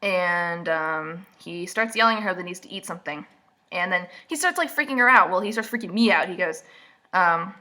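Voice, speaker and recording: Snarky woman with a bright voice. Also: mid-range voice, sing-song, moderate pace. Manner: snarky, mocking asides; casual and rambling, with many fillers. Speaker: vlogger. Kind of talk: sarcastic book recap.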